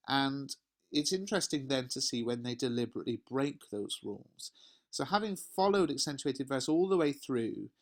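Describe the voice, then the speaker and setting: A man with an English accent teaching a poetry lesson, reading verses aloud and explaining them step by step with rhetorical questions. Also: mid-range voice.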